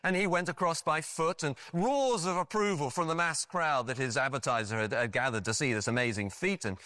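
A man preaching a sermon, telling stories in an animated way with frequent restarts and asides. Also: a little high, a little fast, dry recording. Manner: animated storytelling with frequent restarts and "you know".

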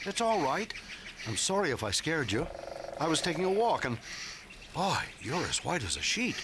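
A man playing a kind adult comforting a frightened boy in a radio drama, gentle and fatherly. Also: a little high, wildly swooping pitch, normal speed, background noise. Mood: soothing.

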